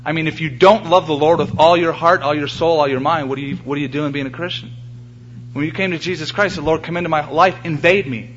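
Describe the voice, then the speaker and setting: A man delivers a sermon from a church pulpit, earnest and emphatic, often repeating his phrases to drive a point home. His voice sits slightly high for a man. The recording is dull and lo-fi, with a faint hum underneath. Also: fairly even intonation, fast talker. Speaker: pastor.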